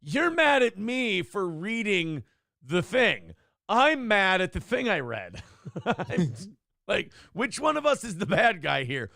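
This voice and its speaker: A man co-hosting a talk show, ranting in a sarcastic, animated way. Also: high voice, takes it slowly, vocal fry, no room sound, studio quality. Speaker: co-host. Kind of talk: casual chat.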